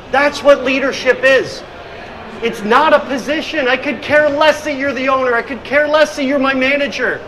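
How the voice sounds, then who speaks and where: High-voiced, energetic male conference speaker. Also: normal speed, a little hiss or hum, low-quality recording. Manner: energetic storytelling, acting out scenes. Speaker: hospitality consultant and speaker. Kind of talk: conference presentation. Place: conference room.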